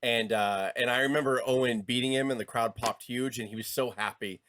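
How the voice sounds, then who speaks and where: A man's voice: medium pitch, steady tone, brisk, a bit bright. A man co-hosting a wrestling podcast, telling rambling stories casually and swearing freely. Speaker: podcast co-host.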